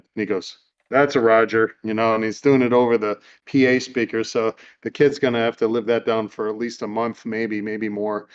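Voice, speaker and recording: A man hosting a casual chat, recapping a movie in a relaxed, rambling way with lots of fillers. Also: on the low side, normal speed, hardly any pauses, smooth, dull audio. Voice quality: easygoing, rambling with many fillers. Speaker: podcast host. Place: home room.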